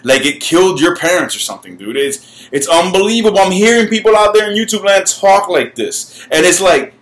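A man with a slightly high voice rants to his camera about gaming, heated and profane. He swears freely and stumbles over repeated words when he gets worked up. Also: expressive, brisk, fairly bright tone. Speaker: gaming YouTuber. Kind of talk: ranting vlog.

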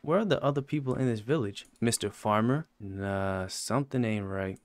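A man's voice: normal speed, hardly any pauses, soft background music. Jumpy man reacting to a horror game. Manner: excitable, yelps high when scared; talks to game characters jokingly. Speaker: gaming channel host. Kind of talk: casual horror game commentary.

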